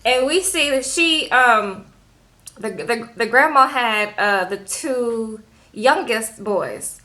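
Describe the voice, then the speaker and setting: A woman talks through a reality show recap in a loose, chatty way. Her voice sits high and sounds bright and crisp. She keeps tagging her sentences with a questioning "okay?". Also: animated, takes it slowly. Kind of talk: casual recap chat.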